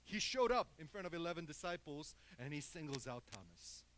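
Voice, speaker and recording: A man preaching a sermon who swings between quiet, hushed murmurs and loud, emphatic outbursts, often checking in with his congregation. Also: on the high side, sing-song, a little fast, a little hiss or hum, low-quality recording. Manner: keeps checking in with the congregation with "okay?" and "people". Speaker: pastor.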